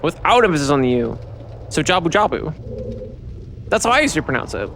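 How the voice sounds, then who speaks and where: Man, game streamer, tired, curses a lot, trips over his words, slightly high voice. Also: sing-song, quick pace, creaky, fairly bright tone, slight background noise. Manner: swears freely, rambles with frequent restarts. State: tired from poor sleep. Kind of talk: casual game-stream chat.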